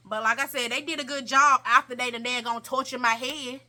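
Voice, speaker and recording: Young woman, casual storytime vlog, slangy and animated, higher bright voice. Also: a little fast. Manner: animated, slangy, repeats herself for emphasis. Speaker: vlogger.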